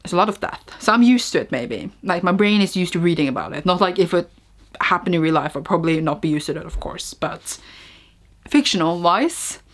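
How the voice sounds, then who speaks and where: A woman's voice: lowish voice, lively intonation, brisk. A woman with a Norwegian accent in a casual book review vlog, rambling and chatty with lots of "like", often laughing at herself. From Norway. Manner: self-mocking and giggly. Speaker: book vlogger.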